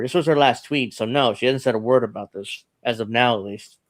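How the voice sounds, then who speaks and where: A man's voice: mid-range voice, a little fast. A man hosting a casual online news panel, rambling and reading posts aloud with frequent laughs. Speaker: host.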